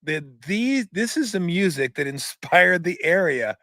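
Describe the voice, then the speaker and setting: A man's voice: sits high, expressive, unhurried, sharp tone, no echo, studio quality. A man hosting his own show, ranting in casual talk, sarcastic and swearing freely as he mocks what he reads aloud. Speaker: show host. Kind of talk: casual profane rant.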